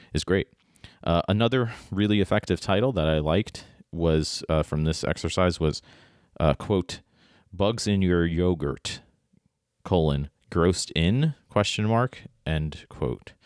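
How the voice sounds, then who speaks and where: A man's voice: low voice, no echo, studio quality. A male writing teacher explaining title choices in a loose, conversational spoken lesson, often checking in with "right?". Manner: conversational, frequent "right?" and restarts.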